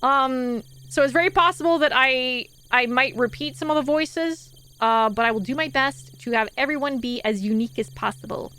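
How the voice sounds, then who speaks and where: High-voiced chatty woman streamer. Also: low-quality recording. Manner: chatty, swears casually, laughs often, reads narration slower and softer. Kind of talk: casual live-stream chat and reading game text aloud.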